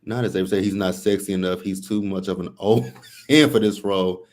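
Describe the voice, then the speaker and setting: A man co-hosting a soap opera recap livestream, laid-back and quick to laugh. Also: sits low, steady tone, a little mellow. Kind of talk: casual livestream chat.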